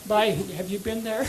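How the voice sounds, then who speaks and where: An older man with a high, squeaky voice from voice surgery, doing a stand-up comedy set with dry, self-mocking jokes and wry pauses. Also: slight background noise, low-quality recording. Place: comedy club stage before a live audience. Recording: live club recording with audience laughter.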